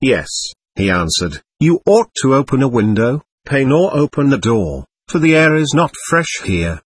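A man's voice: mid-range voice, big pitch swings, normal speed, husky, no room sound. A man voicing a rambling, aggrieved mad old mother. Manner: rambling, self-pitying complaint. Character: poor mad older mother, plaintive and aggrieved.

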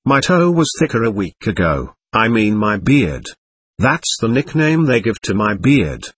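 A man voicing a shabby, bitter middle-aged captain who rambles with ironic self-abasement, husky-voiced. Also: on the low side, big pitch swings, a little slow, no echo, full character voice. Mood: bitter irony.

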